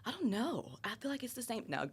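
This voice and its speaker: A woman's voice: a little high, very animated, brisk, noisy background. A woman in her thirties with an Ohio accent, chatting casually as a podcast guest and laughing often. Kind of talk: casual chat.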